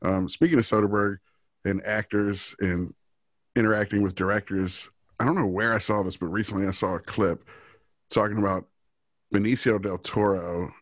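A man's voice: on the low side, fairly even intonation, normal speed, no room sound. A man co-hosting a podcast, chatting casually and rambling through profane filmmaking stories. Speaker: podcast co-host.

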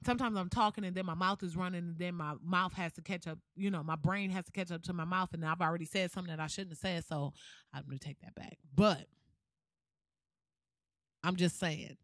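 A woman hosting a podcast who rants in a blunt, profane, sarcastic and animated way. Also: lowish voice, a little fast, no room sound, clean studio sound. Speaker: podcast host. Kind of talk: podcast rant.

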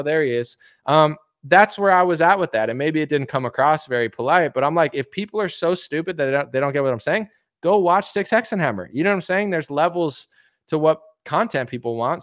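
A man streaming an opinionated political monologue, emphatic and mocking, acting out other people's replies in quick asides. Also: fairly high pitch, no echo, clean studio sound.

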